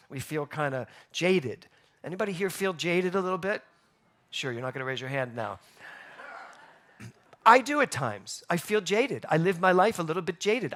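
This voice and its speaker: Animated male pastor, slightly high voice. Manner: animated storytelling, rhetorical questions. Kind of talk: sermon. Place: church sanctuary.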